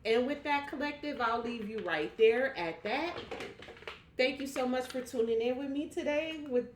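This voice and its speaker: Sitting in a room at home, a woman with a fairly high voice gives a casual tarot reading, speaking directly to her viewers in a blunt, chatty manner and swearing freely. The room is echoey, with a bit of hiss or hum.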